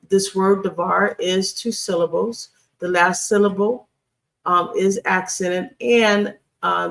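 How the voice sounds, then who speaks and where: A Hebrew grammar instructor teaching a screen-share lesson, deliberate and repeating key phrases with frequent ums. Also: medium pitch, creaky, fairly bright tone.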